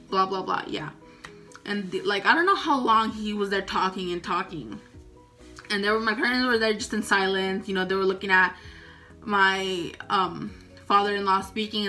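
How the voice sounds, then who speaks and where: A young woman telling a personal story in a casual vlog, halting and full of fillers. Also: mid-range voice, sharp tone. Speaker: vlogger. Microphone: phone.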